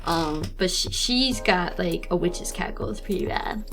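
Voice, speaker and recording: A woman's voice: on the low side, expressive, unhurried, fairly bright tone. A young woman streamer chatting casually while she draws, rambling and teasing, laughing often. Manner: teasing, snarky.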